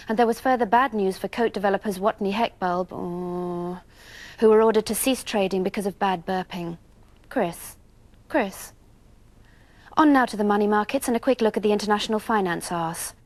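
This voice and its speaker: Deadpan woman reading business news. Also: mid-range voice, fast, hardly any pauses, no echo.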